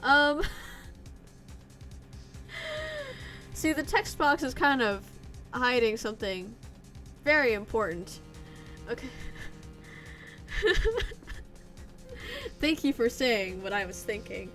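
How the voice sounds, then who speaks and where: A woman's voice: a little high, sing-song, slow pace, long pauses, a bit bright, faint music behind. A young woman streaming a game live, chatting and rambling with a giggly, casual manner. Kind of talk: live gameplay commentary.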